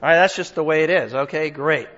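An older pastor delivers his sermon in a high, bright-sounding voice, shifting between a loose, joking tone and firm emphasis. The recording is dull and lo-fi. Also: quick pace. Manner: conversational, emphatic, jokes with the congregation. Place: church hall with a congregation.

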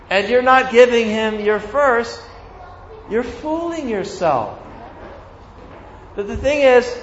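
High-voiced preacher in a roomy hall. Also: male voice, lo-fi sound, a little hiss or hum. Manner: animated, acts out voices of God and the congregation. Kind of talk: sermon.

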